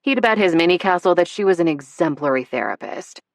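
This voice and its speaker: A woman narrating a novel in a measured, expressive way. Her voice sits low, and the recording is dry and close with no room sound. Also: vocal fry, dry recording. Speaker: audiobook narrator. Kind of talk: scripted narration.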